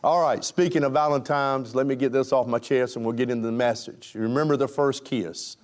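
A man with a mid-range, slightly mellow voice speaks fairly quickly with mostly even intonation. He's a pastor giving a sermon in a folksy, joking way, chatting and chuckling along with his congregation.

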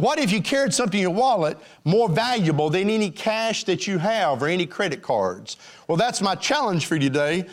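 Lively-pitched preaching man. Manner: emphatic, rising and falling preaching cadence with frequent fillers. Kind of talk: sermon.

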